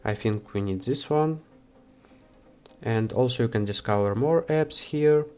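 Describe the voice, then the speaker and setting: A man hosting a software how-to, talking the viewer through each step with frequent hesitations. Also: medium pitch, clean tone, faint music behind. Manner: unhurried, with frequent "uh" fillers. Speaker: software tutorial host. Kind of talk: screen-recorded how-to walkthrough.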